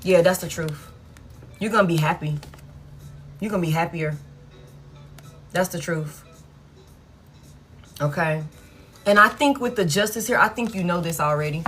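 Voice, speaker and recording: A woman's voice: on the low side, normal speed, long pauses, a bit bright, soft background music. A woman giving a casual live tarot reading, blunt and frank, swearing freely and repeating herself for emphasis. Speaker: tarot reader.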